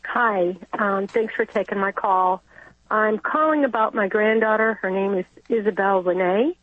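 A woman's voice: medium pitch, moderate pace, dry recording. An older woman calling in to a radio show, emotional and close to tears as she talks. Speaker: caller. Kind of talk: phone-in call. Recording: husky, dry, tinny phone line.

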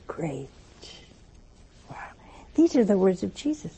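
An older woman delivers a chatty, homespun sermon, slipping into different voices as she tells her stories. Her voice is gravelly and a little husky. Her tone stays dark and mellow, though she sits fairly high for a woman. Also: very animated, unhurried, pauses often. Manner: folksy, chatty, acts out dialogue in different voices. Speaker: religious speaker. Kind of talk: storytelling sermon.

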